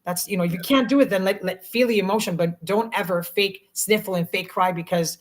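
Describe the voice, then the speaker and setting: A middle-aged woman actress telling stories in a casual interview, emotional and animated, with many restarts. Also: medium pitch, fairly quick. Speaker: actress guest.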